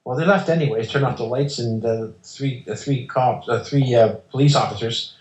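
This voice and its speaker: A man's voice: mid-range voice, moderate pace, darkish tone. A man as an interview guest, telling a personal story in an emphatic, insistent way and acting out the exchanges. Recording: roomy echo.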